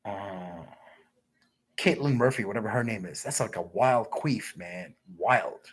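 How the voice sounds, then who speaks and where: A man's voice: lowish voice, expressive, normal speed, husky. A man telling crude, rambling, repetitive stories on a livestream and reading viewer comments aloud.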